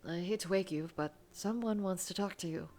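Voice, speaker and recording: A woman reading a gentle, devoted young boyfriend. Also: on the low side, fairly quick, pitched above the performer's own voice, close to an everyday voice. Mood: tender. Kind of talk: reading a visual novel aloud.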